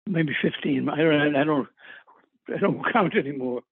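A man's voice: a little high, normal speed, vocal fry, husky, no echo. Older man telling stories over a phone line. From New England. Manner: rambling anecdotes with chuckles and filler words. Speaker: guest actor. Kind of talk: casual interview storytelling. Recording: tinny phone-line sound.

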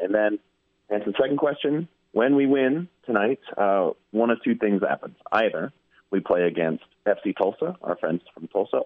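A man's voice: low-pitched, dry recording. A man calling in as a soccer club guest, upbeat and hyped while explaining the match ahead. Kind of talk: phone-in interview. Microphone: phone. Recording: narrow phone line.

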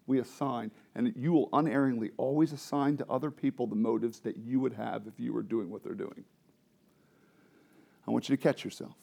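A man preaching a sermon as pastor, moving between soft, confiding asides and loud, fervent preaching, often asking the congregation questions. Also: mid-range voice, fairly even intonation, fairly quick, vocal fry. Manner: swings from quiet, intimate asides to loud, impassioned preaching.

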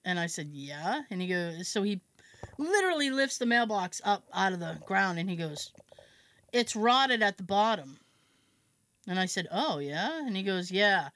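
Speaking at a moderate pace, a woman with a mid-range, sing-song, slightly bright voice hosts a casual podcast chat with no echo. She plays out others' lines in her story, teases herself, and swears freely.

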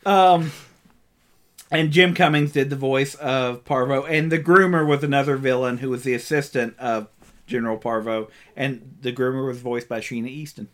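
A man's voice: mid-range voice, steady tone, moderate pace, a bit bright. A man co-hosting a casual podcast, recapping an old cartoon with lots of ums and restarts. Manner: rambling, many ums and restarts, laughs often. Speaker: podcast co-host.

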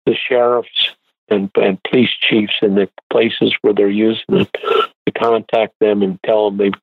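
A man talking as a guest in an interview, halting and restarting as he explains. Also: fairly low pitch, gravelly, dry recording. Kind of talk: interview on a phone line. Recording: tinny dry phone line.

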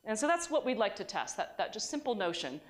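A woman's voice: medium pitch, very animated, fast talker. A woman giving a university science lecture in a conversational way, often restarting her sentences. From United States.

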